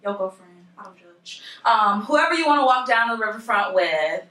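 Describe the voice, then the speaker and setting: A young woman presenting at a university, telling a story to students in a lively way and speaking to the audience directly. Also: fairly high pitch, normal speed. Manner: lively, addresses the audience directly, acts out quoted voices. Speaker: presenter at a university civic engagement center. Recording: roomy, from a distance.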